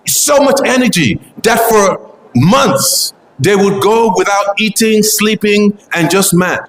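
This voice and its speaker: A man's voice: high voice, lively intonation, slow pace, reverberant, poor audio. A man giving an earnest devotional memorial talk, fervent and repetitive, often restarting his phrases. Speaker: devotional speaker.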